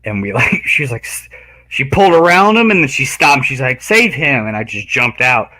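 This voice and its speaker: Lively, bright-voiced man telling stories. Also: medium pitch, fairly quick. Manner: animated storytelling, acts out voices and laughs loudly. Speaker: guest. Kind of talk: casual chat.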